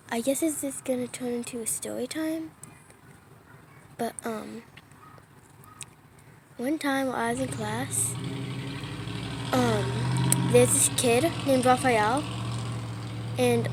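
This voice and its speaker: Young woman vlogger, slow and high-voiced, chatty and apologetic, filmed on a phone by a window, faint ambience. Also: background noise. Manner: chatty, apologetic, often dropping to a whisper. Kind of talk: casual vlog narration. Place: indoors by a window during a storm. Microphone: phone or tablet camera.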